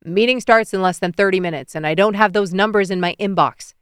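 A woman's voice: mid-range voice, a little fast, smooth, no room sound, studio quality, close to an everyday voice. A woman voicing an impatient male boss who barks and snaps orders. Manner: barking, snappish.

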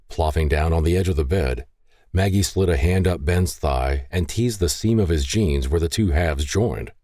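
A man narrating a romance novel in an expressive storytelling manner. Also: deep voice, moderate pace, no room sound, studio quality. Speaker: audiobook narrator. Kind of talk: scripted narration.

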